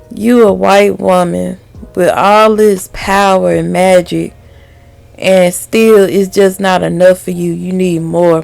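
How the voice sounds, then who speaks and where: A woman's voice: lowish voice, vocal fry, darkish tone, no echo. A woman reviewing a TV episode to camera in a candid, heated, profane way, laughing often. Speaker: TV show reviewer. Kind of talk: casual video review.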